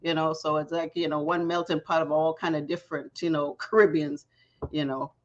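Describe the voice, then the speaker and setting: A woman's voice: sits low, little pitch movement, fairly quick, slight background noise. A middle-aged woman hosting a talk show, chatting loosely and often laughing. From Jamaica. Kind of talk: casual interview chat. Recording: dull lo-fi audio.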